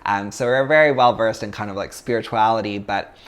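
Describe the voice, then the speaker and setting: A man's voice: lowish voice, fairly quick, a bit bright. A man teaching a yoga class, talking in a loose, chatty way and telling stories with plenty of fillers. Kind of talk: casual talk to a yoga class.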